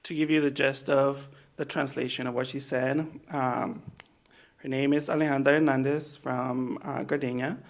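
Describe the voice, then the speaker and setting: A man acting as interpreter, giving a steady summary of a speech with filler uhs. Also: medium pitch, normal speed, creaky. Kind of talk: summarizing a translation.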